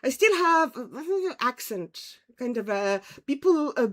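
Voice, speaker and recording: In a high-pitched, sing-song voice that runs a little slow, a woman from Estonia hosts a casual livestream from her home. She says hello to viewers, chats, and laughs a lot, her vague European accent carrying a slight Irish twang.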